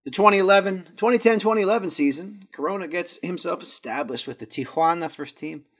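A man's voice: high-pitched, brisk. A man hosting a podcast, casually reading through notes with jokey asides and stumbling over Spanish words. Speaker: podcast host.

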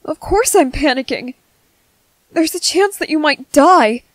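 Whispered role-play: a woman playing a nervous, gentle young soldier boy, slow and soft, a bit high. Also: animated, no echo, low-quality recording. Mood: worried. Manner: soft, fretful, over-apologetic. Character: anxious young male soldier, gentle medic.

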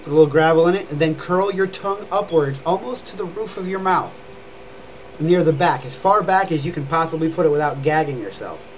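A man's voice: on the high side, brisk, a little hiss or hum, poor audio. A young man streaming live and chattily explaining how to scream and growl, rambling and demonstrating as he goes. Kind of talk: casual live-stream vocal lesson.

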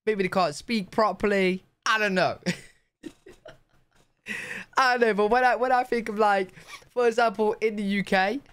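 Chatty British man, smooth voice. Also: high voice, normal speed, pauses often, a bit bright, dry recording. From United Kingdom. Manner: chatty, laughs often, thinks aloud with fillers. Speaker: reaction video host. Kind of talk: casual reaction commentary.

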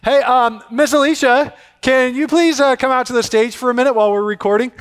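A man's voice: very high voice, steady tone, brisk, clear, resonant tone. A man hosting an online kids church show from a theater stage, upbeat and playfully teasing. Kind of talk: presenting to children.

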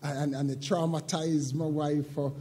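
An older man preaching a sermon as pastor, moving from quiet, halting reflection to loud, shouted preaching. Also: fairly high pitch, level tone, breathy edge, long reverb tail. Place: church sanctuary.

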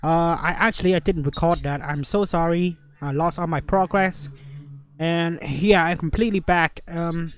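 A gamer commenting on a horror game in broken, second-language English, swearing and shouting at the screen. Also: mid-range voice, steady tone, normal speed, slight background noise. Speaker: let's play gamer.

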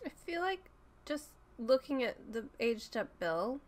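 A woman's voice: a little high, very animated, unhurried. A young woman reacting to a TV episode, swearing and pleading with the characters on screen. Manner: profane, talks back at the screen. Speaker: reaction video host.

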